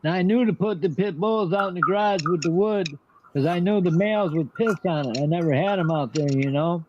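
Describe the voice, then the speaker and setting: A man's voice: sits high, brisk, muffled recording, background noise. An older man telling stories in a casual chat, brash and profane.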